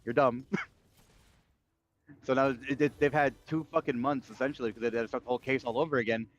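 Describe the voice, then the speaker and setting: Fast, profane man ranting. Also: medium pitch. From United States. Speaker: streamer. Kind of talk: casual livestream chat. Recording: dull lo-fi mic.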